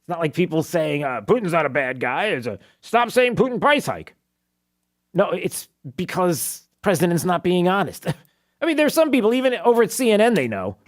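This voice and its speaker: A man's voice: high voice, big pitch swings, fairly quick. Sarcastic talk radio host, man. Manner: sarcastic, mocking, laughs often; many fillers and restarts. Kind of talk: opinionated talk radio commentary.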